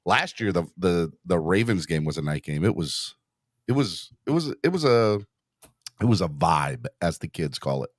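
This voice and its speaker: A man hosting a sports podcast in casual chat, rambling and excitable, often restarting his sentences. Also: low-pitched, normal speed, no room sound, studio quality. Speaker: podcast host.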